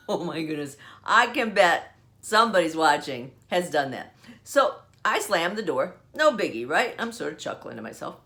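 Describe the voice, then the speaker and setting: Lively, laughing older woman storyteller. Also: fairly low pitch, moderate pace. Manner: animated, laughs often while telling. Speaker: podcast host. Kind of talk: casual storytelling. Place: at home.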